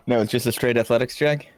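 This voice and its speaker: Man, player, mid pitch, excitable, swears, dry close sound, faint music. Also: moderate pace, dry recording. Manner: excitable, swears, laughs often. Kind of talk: casual tabletop play.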